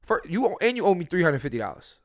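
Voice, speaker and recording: A man hosting a podcast, telling his dating stories in a casual, profane way and swinging between loud and soft. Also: sits high, very animated, quick pace, dry recording, studio quality. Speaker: podcast host. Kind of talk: casual storytelling chat.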